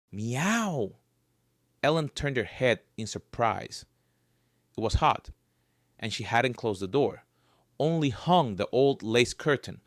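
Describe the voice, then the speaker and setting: A man narrating a scripted story in a lively, varied storytelling voice. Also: mid-range voice, dry recording, clean studio sound.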